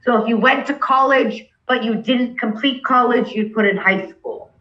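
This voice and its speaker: A woman's voice: a little high, moderate pace, lo-fi sound. A woman instructor walking a class through steps over a video call, patient and checking in with "okay?" as she goes. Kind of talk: online class walkthrough.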